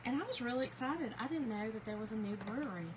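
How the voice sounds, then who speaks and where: A woman from Georgia with a Southern US accent, chatting casually with viewers as a crafting livestream host, folksy and quick to laugh. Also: on the high side, animated, noisy background.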